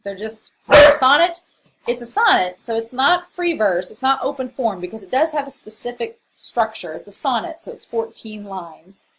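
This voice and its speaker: Female English instructor, recorded slide lecture; relaxed, filler-heavy delivery, faint background hiss. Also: on the high side, normal speed, rough recording. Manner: casual, explanatory, with frequent fillers.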